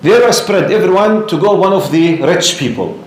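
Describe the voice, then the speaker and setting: Lively male lecturer in an echoey room. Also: high voice, moderate pace. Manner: animated storyteller, asks the audience questions. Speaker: Islamic lecturer. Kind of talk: storytelling lecture to a live class.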